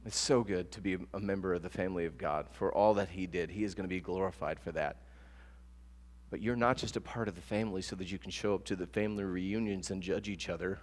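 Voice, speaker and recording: A man preaching a sermon as pastor, telling stories with lively acted-out quotes. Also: sits low, quick pace. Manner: animated storytelling with acted-out quotes. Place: church sanctuary. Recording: long church reverb with soft guitar.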